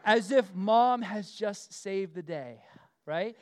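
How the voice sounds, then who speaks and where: A middle-aged man preaching a casual, animated sermon, full of asides, fillers and quick questions to the room. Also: high-pitched. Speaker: pastor.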